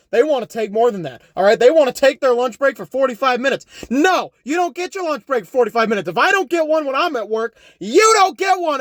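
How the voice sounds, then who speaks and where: Young guy doing a goofy rambling vlog rant, high bouncy voice, dry close sound. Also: no room sound. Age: young adult. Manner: rambling, jokey, self-correcting, repeats "all right?". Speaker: YouTuber. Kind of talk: unscripted comedic vlog rant. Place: home.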